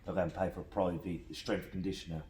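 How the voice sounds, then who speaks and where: Deep-voiced Black Country male host. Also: level tone, fast, darkish tone, slight background noise. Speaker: podcast host. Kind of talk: casual podcast chat. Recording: roomy echo.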